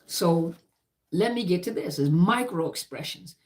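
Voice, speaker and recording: A woman's voice: lowish voice, lively intonation, measured pace, darkish tone. A middle-aged woman who served in the army, teaching about trauma in an emphatic, repetitive lecture style full of lists and "you know".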